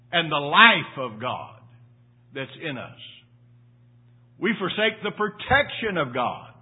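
An older man preaches to his congregation in a husky voice, climbing to loud emphatic peaks, then dropping to low quiet asides. He repeats phrases for emphasis and keeps checking in with the room. The sermon is heard through tinny, phone-like audio. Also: very animated, slow, long pauses. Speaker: pastor. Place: church.

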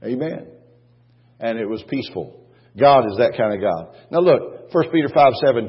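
A husky male pastor delivers an emphatic sermon. He repeats lines for weight and throws rhetorical questions to the congregation. The sound is dull and muffled, with a long church-hall echo trailing each phrase. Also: medium pitch, expressive, moderate pace.

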